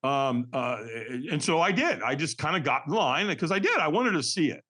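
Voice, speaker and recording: A man's voice: a little high, animated, moderate pace, pushed and bright, breathy edge. A man on a podcast telling a story, acting out quotes in shifting voices and calling the host Doc. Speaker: podcast guest, firewalking instructor. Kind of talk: animated storytelling.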